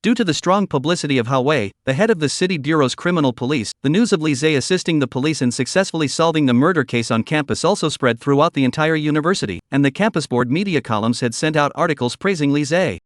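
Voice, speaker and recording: A man narrates a story recap in a steady, even scripted read. His voice sits a little high, and the recording is bone dry and close. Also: fast, hardly any pauses, no echo.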